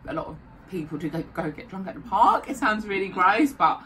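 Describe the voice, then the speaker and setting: A woman's voice: mid-range voice, brisk. A young British woman chatting casually and telling stories, giggling and acting out what people said. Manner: animated, giggly, acts out quotes. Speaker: co-host. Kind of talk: casual chat, storytelling. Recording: distant mic, faint hiss.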